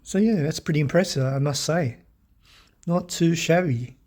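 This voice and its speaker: A middle-aged Australian man with a croaky voice, rambling in a casual collector's vlog, clearing his throat often. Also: a little high, moderate pace, darkish tone. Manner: rambling, friendly, many ums and uhs, throat clearing. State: hoarse, croaky from illness. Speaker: diecast collector vlogger. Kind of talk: casual show-and-tell vlog.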